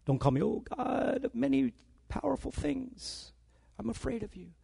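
A man preaching a sermon, telling stories with animated delivery and acting out the dialogue. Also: extremely high pitch, moderate pace, vocal fry, breathy edge.

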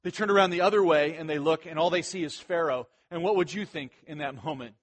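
A man preaching an expository sermon, conversational with asides, at times shouting commands for emphasis. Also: on the high side, quick pace, few pauses. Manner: animated, shouts imperatives for emphasis. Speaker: pastor.

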